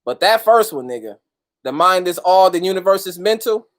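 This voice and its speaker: A man's voice: high-pitched, lively intonation, normal speed. Slangy, profane man hosting a livestream. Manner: loose, profane, street slang, greets viewers by name. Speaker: host of a livestream talk. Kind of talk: casual livestream talk.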